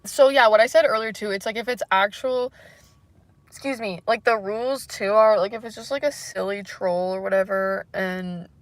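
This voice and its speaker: Female streamer, casual chat to viewers, soft and apologetic, hesitant with lots of fillers. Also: mid-range voice, normal speed, no room sound. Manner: hesitant, rambling, many fillers. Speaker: livestreamer.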